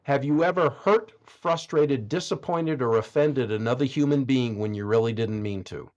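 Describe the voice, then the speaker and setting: A man guesting on a podcast, giving motivational coaching advice emphatically, with dramatic pauses and rhetorical questions. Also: medium pitch, darkish tone, muffled recording.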